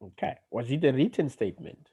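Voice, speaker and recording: A man's voice: mid-range voice, animated, a little fast, warm tone, breathy edge. A male teacher running a class discussion, explaining terms and asking questions with frequent okays.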